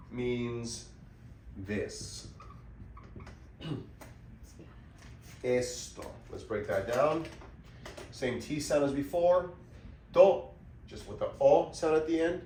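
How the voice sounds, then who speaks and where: A man teaches pronunciation at a very slow, deliberate pace, splitting each word into syllables and saying them again and again. He clears his throat often. His voice sits a little back from the mic in an echoey room with a faint hum of ambience behind him. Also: medium pitch, a little mellow, recorded from a distance. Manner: patient, breaks words into syllables and repeats them. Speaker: Spanish teacher.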